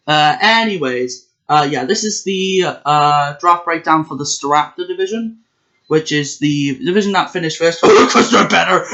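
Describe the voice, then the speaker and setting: Chatty man with a slightly high voice. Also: a bit bright. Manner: chatty and self-correcting, with many fillers. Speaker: competitive video game player and channel host. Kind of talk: casual video commentary. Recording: dull lo-fi recording.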